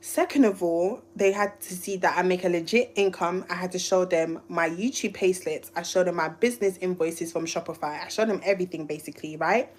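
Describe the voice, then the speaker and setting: A woman's voice: lowish voice, a little fast, few pauses. A woman from the UK, a YouTuber, telling a rambling, emotional story on a live stream. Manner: emotional, rambling, restarts often. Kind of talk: casual livestream storytelling.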